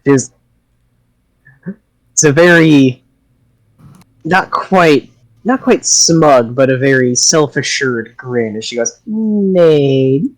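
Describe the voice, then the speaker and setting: A man's voice: medium pitch, steady tone, takes it slowly, pauses often, low-quality recording. A man running a tabletop game as game master, narrating with wry, descriptive asides over online voice chat.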